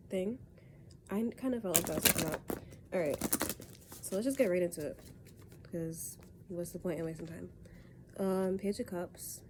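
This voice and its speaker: A woman's voice: fairly low pitch, mellow, a little hiss or hum. Stuffy-nosed young woman, rambling tarot vlog. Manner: rambling, loose and self-correcting. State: stuffy nose from a cold. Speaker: tarot reader. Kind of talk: casual tarot reading vlog. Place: in bed at home.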